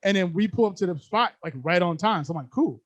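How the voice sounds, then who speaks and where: A young man co-hosting a podcast, telling a story in animated, slangy casual chat and laughing often. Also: high voice, fast, no echo. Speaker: podcast co-host.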